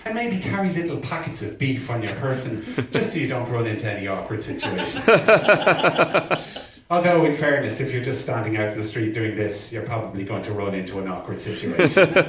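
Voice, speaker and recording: A man's voice: medium pitch, very animated, moderate pace, crowd noise. A young Irish man performing a self-deprecating stand-up set, telling stories with put-on voices. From Ireland. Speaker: stand-up comedian. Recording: roomy club sound from a distant mic.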